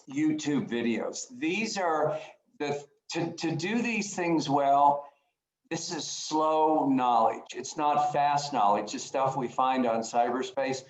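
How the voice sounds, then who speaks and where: A man's voice: a little high, slow, roomy sound, low-quality recording. Earnest man giving a talk. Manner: earnest, gets emotional, restarts phrases. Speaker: conference speaker. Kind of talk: presentation over video call.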